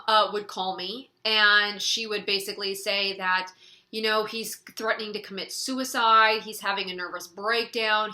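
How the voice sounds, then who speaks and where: A woman's voice: mid-range voice, bright, forceful tone. A young woman vlogger telling a personal story to camera, acting out her family's lines along the way. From California. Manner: acts out quoted family members while retelling. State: tearful at times.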